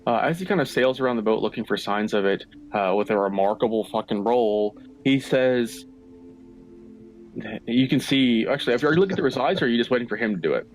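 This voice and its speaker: A game master narrates the scene in a measured, filler-heavy way, now and then dropping a swear. His voice is a middling man's pitch, recorded through a voice-chat mic with faint background music. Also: animated. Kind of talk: narrating a tabletop game over an online call. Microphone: online voice-chat mic.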